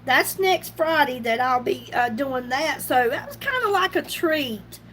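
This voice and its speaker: A woman's voice: high voice, lively intonation, unhurried, a bit bright, a little hiss or hum. A middle-aged woman chatting casually on a makeup livestream, laughing often and greeting viewers by name. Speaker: beauty livestream host. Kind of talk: casual makeup live chat.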